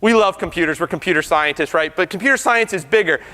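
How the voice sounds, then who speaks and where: A computer science professor giving an animated debate speech, firing rhetorical questions at the crowd. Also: male voice, high voice, fast. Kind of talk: lively debate speech to an audience. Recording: reverberant hall.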